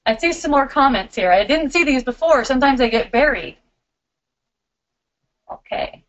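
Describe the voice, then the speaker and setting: Middle-aged woman, spiritual teacher, warm and giggly, fairly high voice, dull lo-fi audio. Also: expressive, moderate pace. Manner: warm, giggly, loving and upbeat. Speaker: spiritual teacher hosting a live Q&A. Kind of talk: casual live-stream Q&A.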